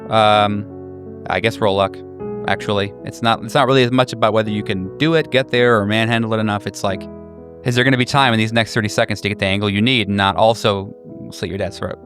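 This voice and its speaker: A man narrating as game master of a tabletop horror game, describing scenes with frequent halting fillers. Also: on the low side, fairly even intonation, music in the background.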